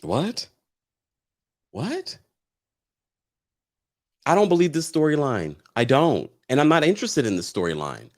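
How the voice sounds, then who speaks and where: A man hosting a casual reality TV recap, chatty and animated, reading viewer comments aloud and laughing often. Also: mid-range voice, brisk, few pauses. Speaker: host.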